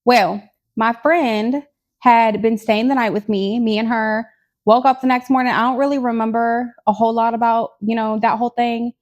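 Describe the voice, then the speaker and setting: A woman in her twenties co-hosting a podcast, chatting through personal stories. She is blunt and candid, with dark jokes and frequent asides. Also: on the high side. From Tennessee, USA. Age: 20s. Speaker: podcast co-host. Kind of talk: casual storytelling chat.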